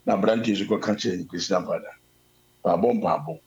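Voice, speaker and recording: A man with a Ghanaian accent preaching a sermon, telling a story and mixing Twi with English, swinging between loud calls and low asides. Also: moderate pace. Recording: dull lo-fi sound.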